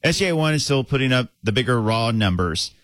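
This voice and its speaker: A male sports radio co-host in casual studio banter. He talks in a measured, explaining way, with an ordinary mid-range pitch. The sound is close and dry. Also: lively intonation, a bit bright, no room sound.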